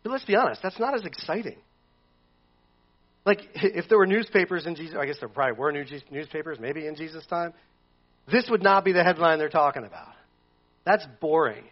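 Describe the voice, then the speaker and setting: A high-voiced male pastor delivers a sermon in a loose, conversational way. He throws in jokey asides as he goes. The recording sounds dull and lo-fi. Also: fairly quick.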